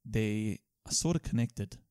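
A young man from Australia in casual, joking podcast banter, deadpan about his own impressions. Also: lowish voice, measured pace, smooth, dry recording, studio quality. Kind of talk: casual chat.

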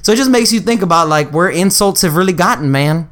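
A man's voice: high voice, animated, fast, a bit bright. A young man co-hosting a casual chat, talking in loose, profane slang and laughing often.

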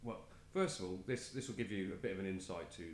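Deep-voiced man telling a rambling story. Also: fast talker, reverberant, a little hiss or hum. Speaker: podcast host. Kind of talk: casual podcast chat.

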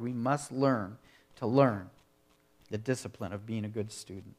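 Male preacher, mid-pitched, earnest and measured, steady sermon cadence with rhetorical questions.

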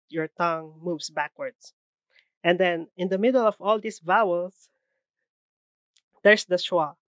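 A woman's voice: fairly low pitch, no echo, muffled recording. A woman giving a classroom presentation on phonetics, explaining carefully with frequent fillers.

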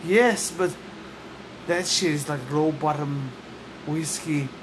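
A woman's voice: deep voice, slow pace, over a noisy crowd. A woman co-hosting a podcast, a bit tipsy, swearing a lot and putting on a mock Irish-Scottish accent. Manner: profane, combative, talks over others. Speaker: podcast co-host. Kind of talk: casual argumentative chat. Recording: noisy room with humming air conditioner.

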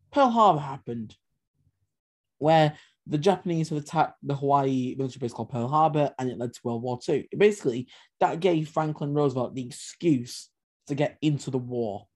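A slightly high, slightly mellow male voice belongs to a history podcast co-host. The discussion is casual, and he talks with animation, adding sarcastic asides.

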